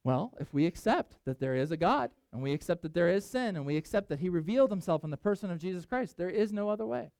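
A male pastor preaching to his congregation in a high, lively voice. He speaks emphatically, with big swings in pitch. The sound is dry and close. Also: quick pace, vocal fry, hardly any pauses, no echo. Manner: emphatic, animated, conversational preaching. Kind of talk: sermon.

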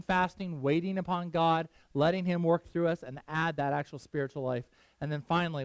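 A man's voice: fairly high pitch, no room sound. A middle-aged man preaching a casual sermon, chatting with his listeners, asking them questions and laughing often. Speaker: pastor.

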